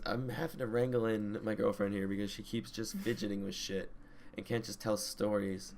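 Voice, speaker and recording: A man's voice: lowish voice, little pitch movement, normal speed, darkish tone, a little hiss or hum. A young man co-hosting a casual podcast, ranting profanely and getting worked up as he talks. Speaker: podcast co-host. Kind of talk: casual chat.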